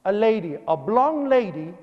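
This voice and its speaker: Puerto Rican man, high voice, animated storyteller, church hall reverb, dull broadcast sound. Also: moderate pace. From Puerto Rico. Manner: animated storyteller acting out dialogue. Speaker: speaker. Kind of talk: personal testimony speech.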